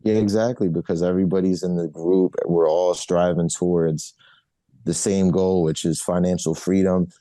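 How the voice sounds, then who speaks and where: Deep, mellow-voiced man, casual guest. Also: normal speed, no room sound. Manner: relaxed, repeats "you know" and restarts often. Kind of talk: casual interview answers.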